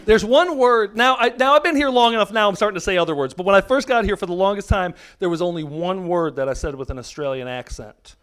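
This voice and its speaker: Onstage at a comedy club before a live audience, a brash middle-aged American man fires crude jokes into a handheld microphone. His high-pitched voice moves quickly with few pauses, and roaring laughter from the crowd swamps the recording.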